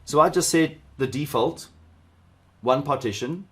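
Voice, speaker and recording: A man's voice: on the high side, a little slow. A middle-aged man from South Africa leading a live cybersecurity workshop, chatting loosely with viewers and wandering into asides as he teaches. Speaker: cybersecurity instructor.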